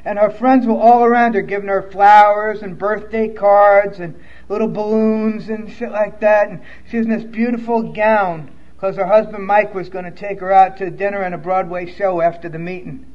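Blunt, high-voiced man telling his story. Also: steady tone, moderate pace, highs cut off. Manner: blunt, profane, emotional storytelling. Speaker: speaker sharing his recovery story. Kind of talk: personal testimony storytelling.

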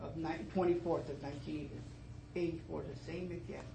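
A middle-aged man telling his story at a twelve-step meeting, starting low and emotional and rising to fervent emphasis, with many repeated phrases. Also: level tone, moderate pace, creaky. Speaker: recovering alcoholic sharing his story. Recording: echoey meeting room, faint noise.

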